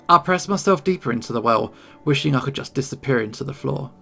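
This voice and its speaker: A man narrating a first-person story in a tense, measured way. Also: medium pitch, vocal fry, pushed and bright, soft background music.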